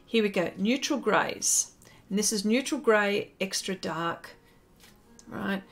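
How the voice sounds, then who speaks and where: A woman's voice: medium pitch, lively intonation, slow. An Australian woman chatting casually on a live stream while she paints, greeting viewers by name and rambling with fillers.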